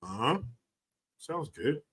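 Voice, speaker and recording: A man's voice: medium pitch, big pitch swings, takes it slowly, a bit bright, slightly rough. A man hosting a casual livestream, ranting sarcastically and thanking viewers for donations. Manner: sarcastic, mocking rants with profanity. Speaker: livestream host reading donations.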